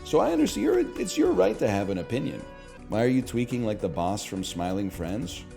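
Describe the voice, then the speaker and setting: Man, streamer, casual gaming chat, animated, jokey, swears a lot, faint music behind. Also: medium pitch, brisk, creaky.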